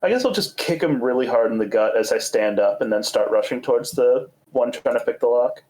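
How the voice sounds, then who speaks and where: A man's voice: mid-range voice, lively intonation, brisk, a little mellow, low-quality recording. A man playing a tabletop game as a player, talking in a dry, joking way.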